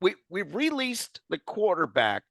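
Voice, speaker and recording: A man's voice: high voice, huge pitch swings, a little slow, gravelly, bright, forceful tone, no echo. A man speaking as a podcast guest, talking about his writing in an enthusiastic, friendly way. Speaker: podcast guest, article writer. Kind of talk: casual podcast chat.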